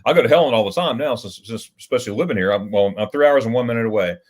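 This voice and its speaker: A livestream host with a middle-pitched voice talks very fast and animatedly, rambling through stories. He keeps restarting his sentences and chuckles along the way.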